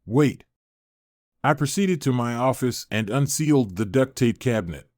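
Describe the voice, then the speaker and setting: A man's voice: mid-range voice, animated, normal speed, a little mellow, dry recording, studio quality. A man narrating a scripted first-person story with dramatic storytelling.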